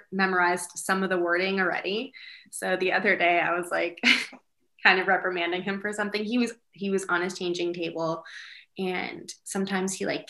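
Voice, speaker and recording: Bright lower-voiced woman rambling happily, lots of likes and ums, giggly. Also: gravelly. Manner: chatty, lots of fillers, giggly. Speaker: guest, single mother. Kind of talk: casual interview chat.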